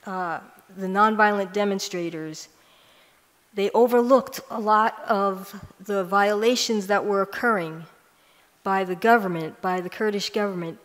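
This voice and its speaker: Earnest woman speaker in an echoey hall. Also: medium pitch. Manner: earnest storytelling, emphatic on key lines. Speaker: conference speaker. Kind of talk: prepared talk recounting personal experience. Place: large church hall. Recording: long hall reverb.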